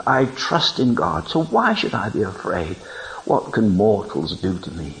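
Animated gravelly-voiced man preaching. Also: on the low side, measured pace, poor audio. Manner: animated, digressive, chuckling between lines. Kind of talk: informal sermon with scripture reading.

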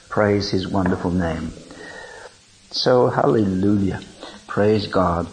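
Male preacher, unhurried and gravelly, swoops up in pitch, chuckles as he reads. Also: slight background noise, poor audio. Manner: animated, digressive, chuckling between lines. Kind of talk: informal sermon with scripture reading.

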